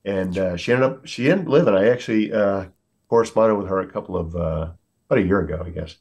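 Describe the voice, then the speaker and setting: A man's voice: sits low, fast, a little mellow. A middle-aged American man, a military veteran, telling war stories earnestly on a podcast, with many fillers and acted-out quotes. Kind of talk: storytelling in a podcast interview.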